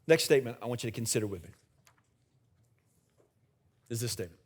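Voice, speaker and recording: A man's voice: medium pitch, expressive, fairly quick. A middle-aged man, the senior pastor, preaching a conversational sermon in a church and joking with the congregation. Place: church sanctuary with live congregation.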